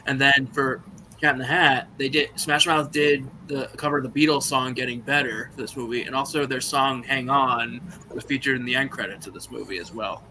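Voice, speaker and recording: A man's voice: medium pitch, fairly even intonation, fairly quick, background noise. A man in a casual online group chat, eagerly rattling off movie trivia over a voice call. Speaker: guest on a birthday stream.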